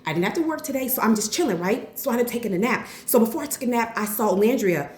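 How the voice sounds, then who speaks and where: A woman in her forties talks to her camera in a loose, chatty vlog, sitting a touch higher in pitch than most women. She spins her stories with excited energy and keeps calling her viewers y'all. The room around her rings with a noticeable echo. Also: fast. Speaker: vlogger. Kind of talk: casual chat to camera. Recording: roomy echo.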